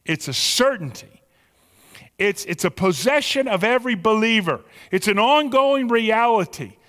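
A pastor preaching a sermon with emphatic, drawn-out stressed words in a church sanctuary. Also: male voice, sits high, animated, fairly bright tone, in a large hall.

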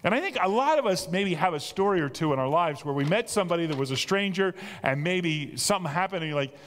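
A male pastor delivers a sermon with a lively, swooping delivery and a voice sitting a little high for a man. He leans hard on key phrases and climbs toward excited peaks. The sound carries the long reverb of a large church hall. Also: quick pace. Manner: animated and emphatic, building to excited peaks.

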